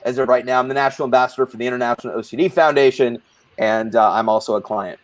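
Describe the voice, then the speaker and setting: A man's voice: mid-range voice, racing, no room sound. A man hosting and moderating a live support group panel in a playful, rambling, jokey way.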